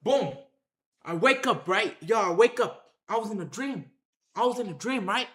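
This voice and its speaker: A man's voice: high voice, normal speed, reverberant. A man telling a rambling story on a livestream, repeating himself and calling out to his chat. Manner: animated, repetitive, addresses the chat directly.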